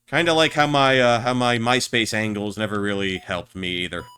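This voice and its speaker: A man's voice: fairly low pitch, fairly even intonation, moderate pace, pushed and bright, clean tone. A man streaming a game, chatting in a rambling, stammering way with crude jokes. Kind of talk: casual gameplay chat.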